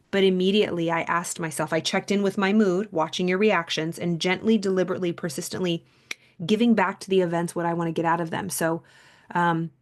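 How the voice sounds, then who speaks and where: Podcast host, woman, casual monologue; earnest, filler-heavy delivery with a touch of vocal fry. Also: on the low side. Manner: rambling, chatty, heavy use of "like"; earnest, reflective.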